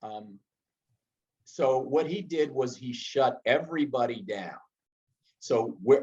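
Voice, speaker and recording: Male trainer, mid pitch, chatty teaching tone, slightly muffled lo-fi recording. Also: animated, slow pace, pauses often, darkish tone. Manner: conversational, frequent "right?" asides and restarts. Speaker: project management trainer. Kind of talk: instructional talk with personal anecdote.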